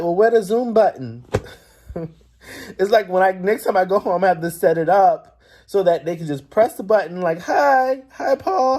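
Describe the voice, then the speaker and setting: A man's voice: sits high, darkish tone. A man hosting his own vlog, talking in a casual, reflective and emotional way, rambling with lots of "like" and just woken up. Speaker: vlogger host.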